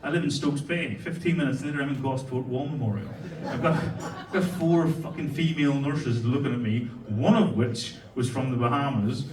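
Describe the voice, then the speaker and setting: A man's voice: mid-range voice, moderate pace, hardly any pauses, darkish tone, recorded from a distance. An Irish man in his forties doing live stand-up, telling stories and bantering with the crowd in a brash, sweary way. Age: 40s. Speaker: stand-up comedian. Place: comedy venue stage. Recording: echoey hall, from afar, crowd laughter. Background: audience laughter.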